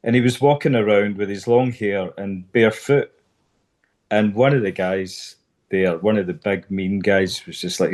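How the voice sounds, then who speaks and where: A low-voiced man settles into a long anecdote on a chat podcast. His delivery is relaxed and easygoing, with plenty of asides. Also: normal speed. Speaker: podcast co-host. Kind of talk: casual storytelling chat.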